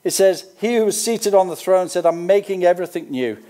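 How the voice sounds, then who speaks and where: High-voiced older Australian pastor preaching. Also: male voice, brisk, dark tone. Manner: conversational, with folksy asides between scripture readings. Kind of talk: sermon.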